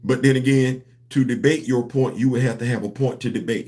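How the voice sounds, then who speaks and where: A man with hosting a comics livestream, talking to his chat in an animated, preachy, slangy way. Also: medium pitch, brisk. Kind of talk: casual livestream commentary.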